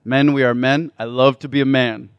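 A man giving a faith talk to a live audience, playful and building to loud, enthusiastic bursts. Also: mid-range voice, level tone, normal speed, clean tone, no echo, dull audio. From United States. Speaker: Catholic speaker.

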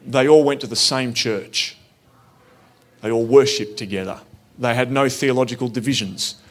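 A man speaks at an ordinary middle pitch, recounting his own story in a plain, earnest way. He sounds reflective and conversational, with easy pauses rather than polish. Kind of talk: personal storytelling talk.

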